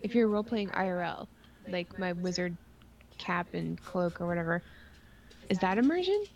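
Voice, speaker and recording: A woman's voice: lowish voice, lively intonation, moderate pace, creaky, a little mellow. Rambling, playful young woman co-host. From Ontario, Canada. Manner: rambling, lots of likes and ums, playful. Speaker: podcast co-host. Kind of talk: casual chat.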